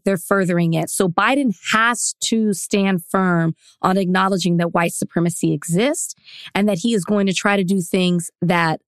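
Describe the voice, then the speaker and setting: A woman co-host argues her point in casual, opinionated bursts at a mid pitch. Her voice sounds close and dry, as if recorded at a studio mic. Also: dry recording. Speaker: podcast co-host. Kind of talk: casual chat.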